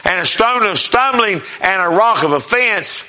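A man preaches a sermon in a high, bright, forceful voice, animated and folksy in a down-home manner. He keeps questioning the congregation to check in with them. When reading scripture, he slows way down and gives it slow, emphatic weight.

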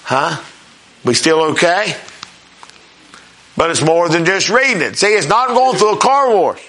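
A man preaching a sermon in a folksy, plain-spoken way. He often checks in with his congregation and reads scripture slowly and emphatically. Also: sits high, sing-song, sharp tone.

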